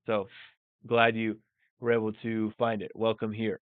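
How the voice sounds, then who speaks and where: On a live stream, a man teaches an English lesson in a relaxed, think-aloud style, slipping in Spanish phrases along the way. His fairly low voice is smooth, clear and unhurried, though it comes through a narrow, phone-like line with almost no room sound or echo.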